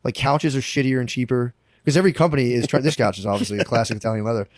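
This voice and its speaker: Fast-talking crude male podcast co-host. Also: mid-range voice, no room sound. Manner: rambling, crude, jokey, acts out quoted voices. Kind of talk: crude casual chat. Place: small living room with a couch.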